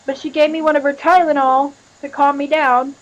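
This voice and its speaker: A woman with a high-pitched voice talks candidly on a live stream, emotional and full of swearing. The audio is dull and lo-fi. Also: flat delivery, a little fast. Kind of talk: confessional live-stream chat.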